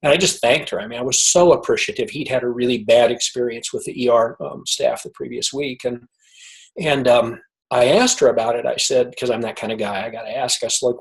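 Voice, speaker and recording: A man, a guest author, telling a personal story in conversation, halting and repeating words as he gets emotional. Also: mid-range voice, low-quality recording.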